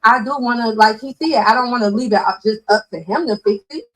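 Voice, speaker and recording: A woman's voice: fairly high pitch, fairly quick, fairly bright tone, poor audio. A woman on a podcast panel, explaining her view earnestly at length with many restarts. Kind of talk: casual debate chat.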